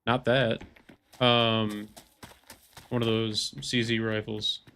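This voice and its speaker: A man's voice: lowish voice, level tone, slow, sharp tone. A man in his thirties, a game streamer chatting casually on a live stream, rambling and swearing in mock rants. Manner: rambling, profane, mock-ranting.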